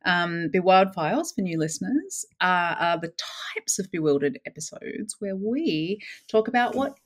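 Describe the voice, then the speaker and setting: A woman co-hosting a podcast in casual chat, laughing often and talking quickly with fillers. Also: lowish voice, very animated. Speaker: podcast co-host.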